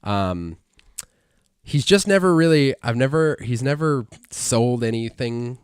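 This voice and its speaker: This podcast co-host speaks in a mid-range, clear, resonant voice, animated yet a little slow. He rambles through the casual chat, full of fillers and false starts, captured in a dry, clean studio recording.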